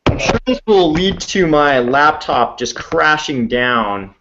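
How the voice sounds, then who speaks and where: A man's voice: on the high side, animated, slow, background noise. A man chatting casually over a laptop video call, easily amazed and restarting his sentences while he fiddles with his setup. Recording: dull lo-fi video call audio.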